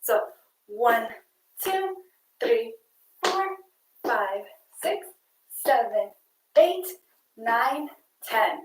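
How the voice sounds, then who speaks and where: A young woman coach leading girls through an online exercise game, counting reps out loud in an upbeat way. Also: on the high side, very animated, very slow, pauses often, roomy sound, soft background music, low-quality recording. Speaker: youth sports coach.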